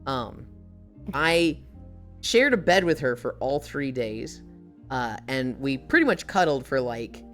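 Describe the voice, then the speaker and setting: Woman streamer, low and highly expressive voice, animated and salty casual talk. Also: takes it slowly, soft background music. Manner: animated storytelling, swearing and laughing often. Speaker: live streamer. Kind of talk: casual live-stream chat.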